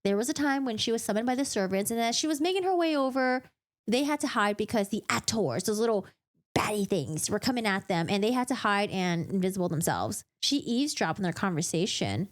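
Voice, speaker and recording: A woman vlogger giving a casual, dramatic book recap in an animated storytelling manner. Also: medium pitch, brisk.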